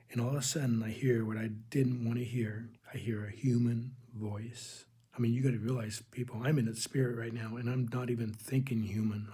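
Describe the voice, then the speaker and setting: A man with a husky, somewhat breathy voice tells a spiritual testimony. His tone is dark and mellow, and his delivery is earnest and halting, with frequent restarts as he speaks straight to his listeners as "people". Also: medium pitch. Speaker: religious video host.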